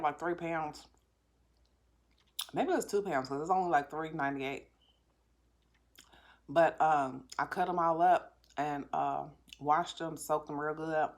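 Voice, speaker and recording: A low-pitched woman with a lilt eats and talks at once, murmuring over bites between remarks. Her casual, self-assured chat goes straight to her viewers from a home table, with a camera or phone close in front of her. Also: measured pace, long pauses. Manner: talks with mouth full, chewing and savoring between remarks; candid and self-assured, addressing viewers directly. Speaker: mukbang vlogger. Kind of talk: casual chat while eating.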